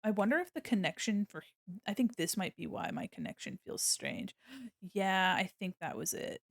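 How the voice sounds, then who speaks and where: A woman's voice: medium pitch, expressive, moderate pace, dry recording, clean studio sound. A young adult woman streaming as an illustrator, chatting casually and goofily while she draws, giggling often. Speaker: livestreaming illustrator.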